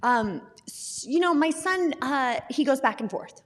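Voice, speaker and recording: A woman's voice: high-pitched, expressive, unhurried. A woman guest candidly sharing her personal recovery story, often laughing at herself and restarting her words. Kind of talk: personal testimony in a recovery talk. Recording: long reverb in a hall.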